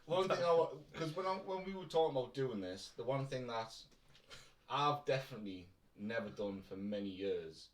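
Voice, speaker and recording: A man from North East England, with an accent placed between Newcastle and Durham, co-hosts a podcast in a relaxed, chatty, jokey way and laughs often. His mid-range voice moves at normal speed. They record casual chat in a room at home on a shared microphone at a distance, so the room sounds echoey.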